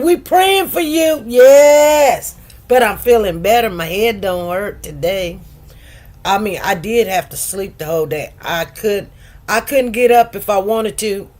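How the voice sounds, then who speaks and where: A woman in her fifties hosting a livestream, chatting casually with viewers in a rambling, laughing way. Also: medium pitch. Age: 50s. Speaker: livestream host.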